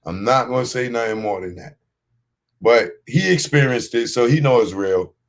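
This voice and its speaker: A man's voice: mid-range voice, animated, normal speed. A man hosting a show, giving blunt, streetwise commentary on a clip he has just played. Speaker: podcast host.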